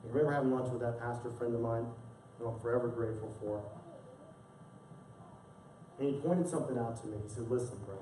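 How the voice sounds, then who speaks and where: A man's voice: medium pitch, a little fast, pauses often, dark tone, slight background noise. A male pastor delivering a sermon, telling a personal story with earnest emotion and repeating words as he speaks. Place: church sanctuary. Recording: echoey distant church sound.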